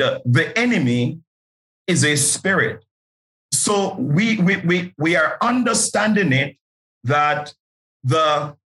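A Jamaican-accented male pastor guests on a podcast, his voice slightly high and a bit bright over poor audio. Earnest and preacherly, he repeats words as he starts each thought and builds toward his point.

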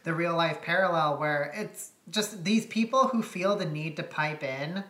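Blunt female co-host, low bright voice, casual swearing. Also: measured pace. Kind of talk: casual chat. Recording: echoey room.

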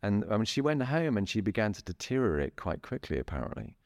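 A middle-aged man speaking as a therapist guest in a relaxed interview, chatty, laughing often and restarting his sentences. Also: lowish voice, a little fast, no echo, studio quality. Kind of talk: casual interview talk.

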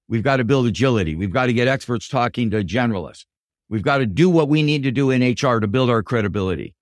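Recorded close and dry, with no echo or room sound, an older business professor and executive coach gives his answers as an interview guest in a middle-pitched voice. He tells his stories with animation, acting out what the people in them said.

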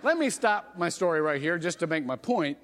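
A middle-aged man, a pastor, preaching a sermon by telling a personal story, animated and chuckling often, with frequent restarts. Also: a little high, brisk, a faint crowd, slight background noise. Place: church sanctuary. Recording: long reverb of a church hall.

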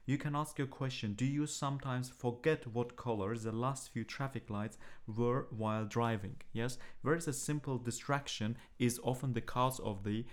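A man's voice: mid-range voice, fairly even intonation, moderate pace, few pauses. A man co-hosting a podcast in casual chat, speaking hesitantly with frequent fillers and restarts. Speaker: podcast co-host.

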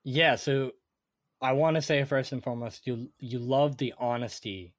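A young man co-hosting a casual sports podcast, animated and thinking aloud with lots of fillers. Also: medium pitch, moderate pace, no echo, studio quality. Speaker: podcast co-host.

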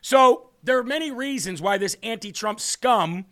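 A man's voice: extremely high pitch, lively intonation, normal speed, bright, forceful tone. A man hosting a live political commentary stream, combative and scornful, talking to his co-host.

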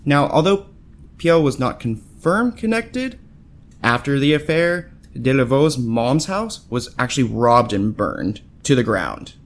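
A man's voice: mid-range voice, animated, unhurried. A man co-hosting a true-crime podcast, chatty and jokey, full of "like". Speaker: podcast co-host. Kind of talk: casual true-crime chat.

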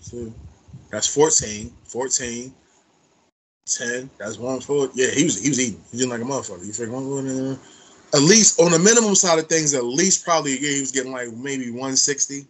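A man's voice: medium pitch, fairly quick, breathy edge. A man co-hosting a podcast, telling stories in blunt, profane casual chat. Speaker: podcast co-host.

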